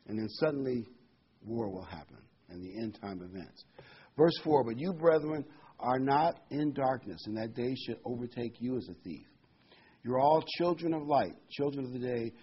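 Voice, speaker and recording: A middle-aged man preaching a prophecy sermon, reading scripture and repeating phrases for emphasis, his loudness rising and falling. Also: mid-range voice, slightly rough. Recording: dull lo-fi sermon recording.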